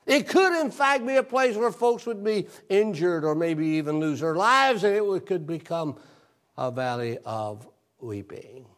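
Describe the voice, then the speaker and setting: High-voiced older preacher telling a story. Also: male voice, expressive, measured pace, fairly bright tone. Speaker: pastor. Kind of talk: sermon.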